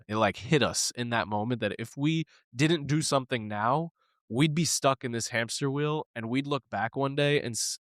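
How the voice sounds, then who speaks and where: This is a man in his thirties co-hosting a podcast, his voice sitting a little low. He tells a personal story in an animated, candid way and laughs easily. The sound is dry and close, with no room around it. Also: no room sound. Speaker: podcast co-host.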